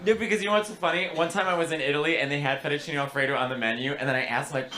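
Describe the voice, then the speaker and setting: A man doing stand-up crowd work in a comedy club, animated and swearing, slipping into other accents and foreign phrases. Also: on the high side, very fast.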